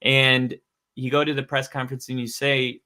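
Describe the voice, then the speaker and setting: A man co-hosts a casual sports podcast with a bright, forward tone. He tells stories with energy and acts out what other people say. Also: mid-range voice, moderate pace. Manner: animated storytelling, acts out quotes. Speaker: podcast co-host.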